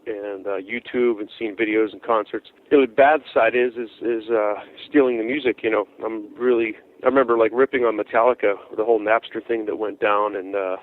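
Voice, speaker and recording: A man's voice: lowish voice, a little fast, hardly any pauses. A man, a guest musician, chatting casually in an interview and telling stories with many restarts and repeated words. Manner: animated storyteller, many restarts. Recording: tinny dry phone line.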